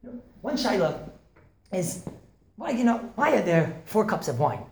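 A man, a rabbi, giving an informal holiday talk, animated, firing rhetorical questions and joking with listeners. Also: high-pitched, normal speed, creaky. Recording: echoey room with faint noise.

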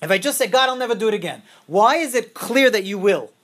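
A woman's voice: medium pitch, expressive, quick pace. A woman teaching a religious class, quizzing her students and repeating her key phrases over and over.

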